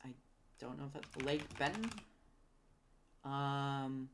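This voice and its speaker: A woman recalling and naming towns out loud, hesitant with many ums, correcting herself and apologizing for her pronunciation. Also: a bass voice, slow. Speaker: geography video creator. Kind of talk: casual recall while typing.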